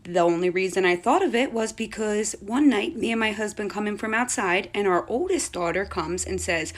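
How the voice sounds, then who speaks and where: A woman's voice: medium pitch, normal speed. Chatty mother telling a ghost story. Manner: chatty, animated retelling. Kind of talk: casual storytime.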